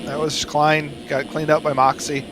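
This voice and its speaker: A man's voice: a little high, flat delivery, moderate pace, noisy background. A man co-commentating a motocross stream, teasing his co-hosts with sarcastic jabs. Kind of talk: casual banter commentary.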